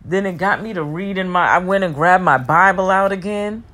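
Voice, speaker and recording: Emphatic, preachy woman talking fast. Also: on the low side, fairly bright tone. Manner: emphatic, repetitive, preachy and heartfelt; speeds up and slows down, talks fast at times. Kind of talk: personal motivational talk.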